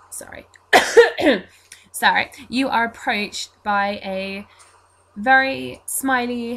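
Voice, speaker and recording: A woman's voice: medium pitch, fairly bright tone, slight background noise. A woman narrating as game master, chatty and loose, with many fillers and restarts.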